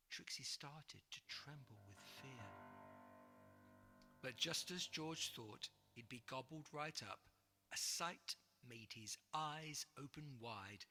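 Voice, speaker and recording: A narrator giving an expressive, animated storybook read-aloud. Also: medium pitch, takes it slowly. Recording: reverberant room, soft music.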